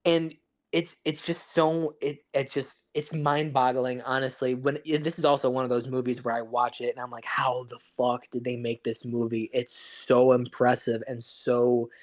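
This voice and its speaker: A man's voice: medium pitch, little pitch movement, normal speed. A man co-hosting a podcast, talking casually and enthusiastically about a film, with lots of restarts and swearing. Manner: rambling, profane, enthusiastic with restarts. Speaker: podcast co-host. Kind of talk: casual chat.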